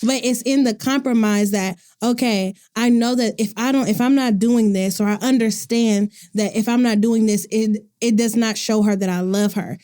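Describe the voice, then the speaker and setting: Woman co-host, casual chat, higher voice, affirming and reflective. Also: fairly even intonation, normal speed, few pauses, warm tone. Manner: affirming, reflective, laughs easily. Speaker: podcast co-host.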